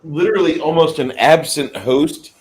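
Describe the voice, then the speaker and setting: A man's voice: fairly high pitch, moderate pace. A man hosting a casual livestream chat, joking and a little distracted. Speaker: host. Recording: roomy with faint background noise.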